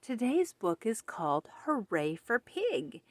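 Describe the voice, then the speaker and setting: A woman reading a children's picture book aloud in a gentle, friendly way. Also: on the high side, big pitch swings, slow pace, no room sound, clean studio sound. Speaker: storybook reader.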